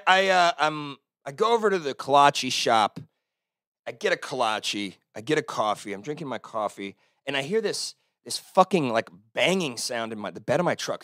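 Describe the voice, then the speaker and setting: A man with a Texan accent hosting his own solo podcast, ranting casually with lots of swearing, swinging from loud outbursts to low mutters. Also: dry recording, studio quality. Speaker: podcast host. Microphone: close-talking podcast mic.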